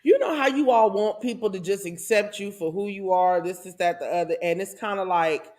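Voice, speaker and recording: A woman hosting her own channel, giving a casual and animated commentary monologue with a preachy tone and laughing asides. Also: mid-range voice, a little fast. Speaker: host.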